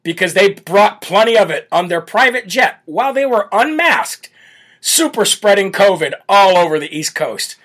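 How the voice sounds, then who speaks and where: A man's voice: high voice, very animated, normal speed, a bit bright. A man hosting a political talk show, brash and mocking, laughing as he rants from a home setup with a camera.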